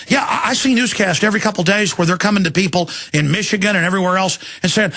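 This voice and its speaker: A man hosting a talk show, delivering an impassioned, ranting monologue that swings into shouting and slow, emphatic stresses. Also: sits high. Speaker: radio talk show host.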